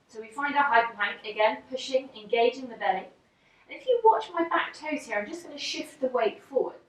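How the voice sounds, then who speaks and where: A woman teaching yoga, calmly talking through each pose step by step while demonstrating. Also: a little high. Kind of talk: instructional walkthrough. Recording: very echoey room, distant mic.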